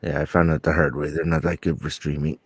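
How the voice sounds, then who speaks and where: A man's voice: rumbling low, flat delivery, fast talker, husky, dry recording. A man talking bluntly and matter-of-factly in a casual stream chat.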